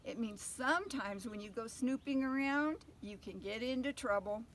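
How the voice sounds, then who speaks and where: An older woman reading a picture book aloud to children, gentle and pausing to ask them questions. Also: fairly high pitch, a little hiss or hum. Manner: gentle, asks listeners questions. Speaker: storyteller.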